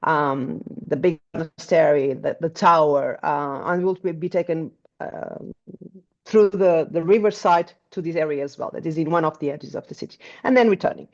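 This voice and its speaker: A woman's voice: low voice, moderate pace, darkish tone, dull audio. A woman with a Portuguese accent, a tour guide chatting in an interview, hesitant with many restarts. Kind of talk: casual interview chat.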